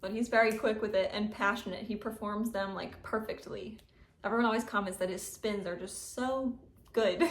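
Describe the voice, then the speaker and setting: A woman's voice: medium pitch, steady tone, normal speed, a little hiss or hum. A woman chatting casually to camera about her cat, gushing and giggling, with lots of "like". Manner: gushing, frequent likes and giggles. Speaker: cat owner vlogger. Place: at home indoors. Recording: roomy echoey room.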